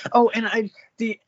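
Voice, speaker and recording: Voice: medium pitch, no room sound, lo-fi sound. A podcast co-host chatting casually about a movie, laughing often and stumbling through restarts. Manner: hesitant, laughing, trails off in restarts. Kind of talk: casual movie-review chat.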